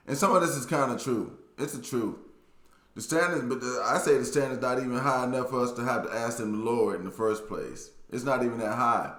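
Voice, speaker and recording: A Southern man talks through viewer comments in a relaxed, plainspoken drawl at an ordinary pitch. He often circles back and repeats his points. The room around him rings with echo. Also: brisk. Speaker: YouTube commentator. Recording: echoey room.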